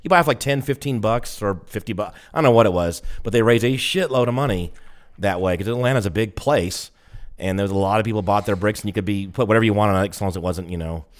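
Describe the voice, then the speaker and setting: A man's voice: lowish voice, fast. A middle-aged man co-hosting a podcast, rambling in an easygoing way and trailing off mid-thought. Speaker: podcast co-host. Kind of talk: casual chat.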